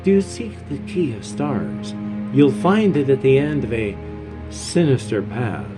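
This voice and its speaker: An old hermit beside a stone hut gives a short, ominous warning. A man reads him out at a middling pitch and in his own voice. Music plays softly underneath. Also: sing-song, measured pace. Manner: read aloud in a plain voice.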